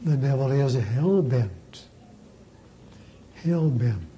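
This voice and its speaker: A priest delivers a sermon in a deliberate, emphatic way, repeating words to drive them home. His voice is very dark and mellow, and he speaks very slowly. A faint hiss sits under the recording. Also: medium pitch, lively intonation, highs cut off. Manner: slow, emphatic preaching with deliberate repetition.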